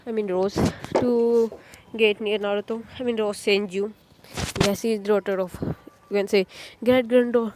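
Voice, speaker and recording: Rambling woman with a high-ish voice. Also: dark tone, a little hiss or hum. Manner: rambling, leans heavily on "you can say" and fillers; hesitant, restarts and searches for names. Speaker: video narrator recapping a fan story. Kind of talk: casual unscripted recap.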